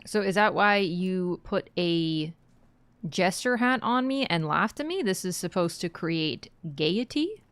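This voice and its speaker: A woman's voice: fairly low pitch, expressive, measured pace, a bit bright, no room sound. A woman streamer commenting on a game with sarcastic, joking asides.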